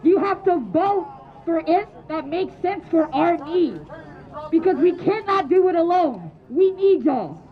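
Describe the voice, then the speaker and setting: A woman protester addressing a press conference outdoors in a parking lot, making forceful, repeated rallying appeals. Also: very high voice, expressive, measured pace, phone-quality sound. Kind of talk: impassioned public address.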